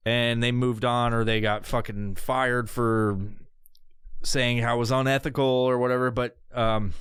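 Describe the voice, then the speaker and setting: A man hosting a solo podcast, ranting casually with lots of swearing and squeaky impressions of other people. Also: clean tone, no room sound, clean studio sound. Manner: profane, animated, mimics voices in high pitch. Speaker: podcast host.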